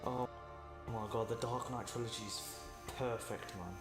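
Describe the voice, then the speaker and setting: A man's voice: medium pitch, steady tone, moderate pace, music in the background. A young man in casual chat, enthusiastic and repeating himself a lot.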